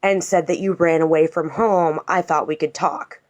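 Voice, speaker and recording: A woman voicing an adult male police officer who asks calm, patronizing questions. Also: low-pitched, moderate pace, natural voice. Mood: probing.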